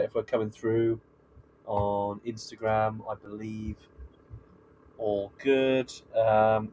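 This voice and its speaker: A man's voice: mid-range voice, darkish tone, low-quality recording. A man hosting a casual live stream, hesitant and repeating words while sorting out the tech.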